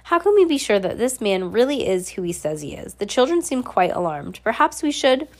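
A woman's voice: medium pitch, big pitch swings, normal speed. A woman with a cold voicing a timid, fussy wealthy man who speaks hesitantly and politely. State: has a cold, scratchy throat.

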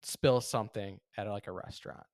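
A man's voice: fairly low pitch, steady tone, fairly quick, dry recording, clean studio sound. A young man co-hosting a podcast, teasing and laughing as he spins hypotheticals. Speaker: podcast co-host. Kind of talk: casual podcast conversation.

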